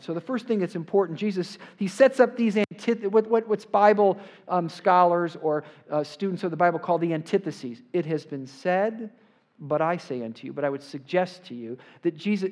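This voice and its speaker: A man preaching a sermon to a congregation in a church, getting louder and more forceful on the scripture he quotes and often checking in with "right?". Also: high-pitched. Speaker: pastor. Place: church sanctuary before a congregation.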